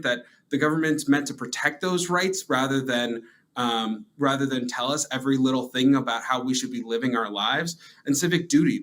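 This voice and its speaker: A man speaking as a guest in an interview, earnest and steady, delivering points in a speech-like way. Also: medium pitch, poor audio. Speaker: advocacy group guest. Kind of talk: conversational interview.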